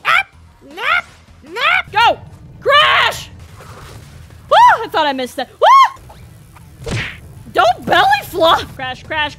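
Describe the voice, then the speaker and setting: A woman giving excitable let's play commentary, joking at the game and letting out loud shrieks as she plays. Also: sits high. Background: game music.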